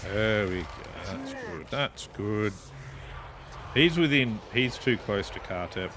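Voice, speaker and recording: A man's voice: lowish voice, very animated, slow, background noise. An Australian man giving casual commentary while playing a strategy game, chatting, swearing freely and talking to his units. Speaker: gameplay streamer.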